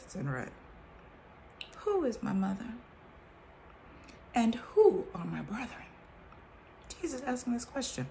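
A woman in her forties gives a slow, casual faith talk. Her low voice has a gravelly edge and swings widely in pitch as she reads a verse and comments on it candidly. A faint hiss sits behind her. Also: wildly swooping pitch, rough recording. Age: 40s. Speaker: vlogger sharing testimony.

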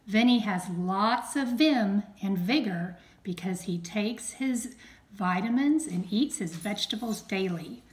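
Slow, echoey teacher reading aloud. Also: female voice, medium pitch. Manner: slow, clear, teacherly, stressing sounds. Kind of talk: reading a storybook aloud to children.

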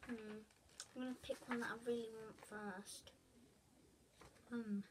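A woman's voice: on the high side, level tone, measured pace, background noise. A young girl talking to viewers as she makes school supplies, rambling and chatty and sometimes slipping into a whisper. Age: child. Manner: rambling, talks to herself while crafting, drifts into whispers. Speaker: vlogger. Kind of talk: chatty craft tutorial vlog.

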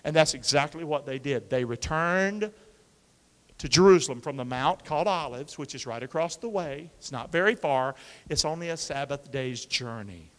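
A male pastor preaching an animated call-and-response sermon, coaxing the congregation to repeat after him and using football pep-talk imagery. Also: a little high, moderate pace. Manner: energetic, coaxes the congregation to repeat lines. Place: church sanctuary with a congregation. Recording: long reverb of a large church hall.

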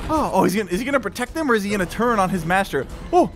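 Excitable high-voiced young man gaming. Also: rapid-fire, hardly any pauses, soft background music. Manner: excitable, playful, talks to enemies in the game. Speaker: gaming YouTuber. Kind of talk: excited VR gameplay commentary.

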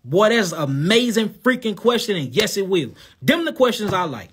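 A man's voice: sits high, big pitch swings, normal speed, fairly bright tone, a little hiss or hum. A man from St. Louis with a St. Louis accent and a lisp, casually answering viewer questions on a live show. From St. Louis, USA. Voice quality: lisp on s sounds. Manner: casual, addresses viewers as y'all and God. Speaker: herbal health host.

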